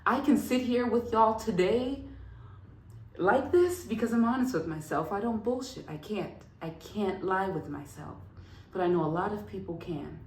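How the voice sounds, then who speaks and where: A woman hosting a casual self-help vlog, talking straight to her viewers with lively, affirming energy and frequent laughter. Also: medium pitch, moderate pace. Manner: animated, laughs often, affirming. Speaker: vlog host. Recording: roomy echo.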